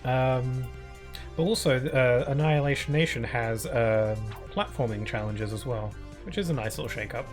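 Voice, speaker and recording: With game music in the background, a young streamer chats easygoingly into his desk mic as he plays, rambling and using lots of fillers. He speaks in a mid-range voice at a moderate pace.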